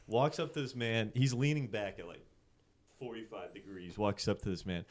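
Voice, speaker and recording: A man's voice: on the low side, steady tone, moderate pace. A man in his twenties from central Pennsylvania, a podcast guest telling a story in a loose, casual way with lots of swearing and filler words.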